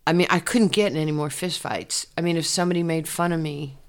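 Low-voiced new lady in her 60s telling her story, lively, laughs a lot. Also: fast. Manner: animated, laughs often, repeats herself. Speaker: interview guest, former basketball player. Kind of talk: candid personal storytelling.

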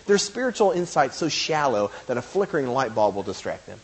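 A man's voice: medium pitch, sing-song, normal speed, darkish tone, husky. A man preaching a sermon, chatting casually and then building to emphatic preaching. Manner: conversational, rising to emphatic preaching.

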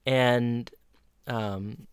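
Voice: mid-range voice, steady tone, very slow, smooth, no echo, studio quality. A podcast co-host casually retelling a TV episode, rambling through it and acting out the lines. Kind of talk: casual chat recapping an episode.

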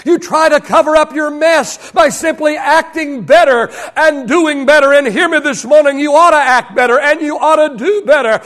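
A man's voice: very high-pitched, moderate pace, few pauses, a bit bright. A male pastor preaching a sermon to his congregation, repeating key phrases for emphasis. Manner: preaching with emphatic repetition, leading the congregation in call-and-response. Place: church service.

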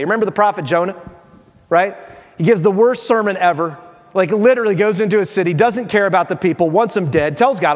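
A man preaching a sermon as pastor, telling the story with lively mock voices. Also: sits high, fairly quick. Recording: long reverb of a large hall.

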